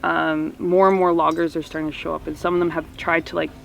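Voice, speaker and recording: Higher-voiced guy, pretty flat and a bit raspy, telling what went down in an interview. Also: quick pace. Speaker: protester recounting events. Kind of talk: documentary interview recollection.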